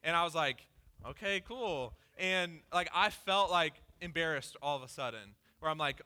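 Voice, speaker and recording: A pastor giving a conversational sermon, candidly telling a personal story with lots of "like" fillers. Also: male voice, on the high side, moderate pace, bright, forceful tone, smooth. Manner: casual and candid, peppered with "like".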